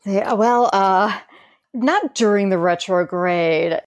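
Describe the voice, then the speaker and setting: A woman co-hosting a podcast in casual chat, wry and quick to laugh, often restarting her sentences. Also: mid-range voice, dry recording, studio quality. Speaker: podcast co-host.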